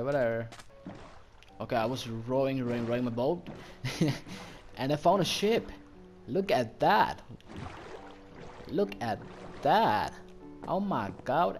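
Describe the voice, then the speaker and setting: A man giving casual, excitable commentary while playing a game, easily delighted and chatting to the animals he meets. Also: mid-range voice. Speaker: gaming channel host. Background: background music.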